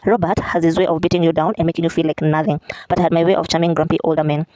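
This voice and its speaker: A woman's voice: deep voice, little pitch movement, very fast, mellow, no room sound, poor audio. A woman reading a memoir aloud in a casual way, correcting herself now and then and adding chatty asides.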